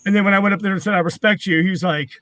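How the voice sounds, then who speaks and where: High-voiced man telling wrestling stories. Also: steady tone, rapid-fire, bright, forceful tone. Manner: rambling, profane, laughing. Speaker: former wrestling manager. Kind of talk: casual storytelling.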